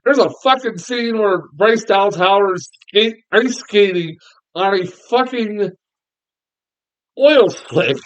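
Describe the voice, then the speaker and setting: A man's voice: high-pitched, clear, resonant tone, muffled recording. A man giving a casual, exasperated film review, swearing often and laughing between complaints.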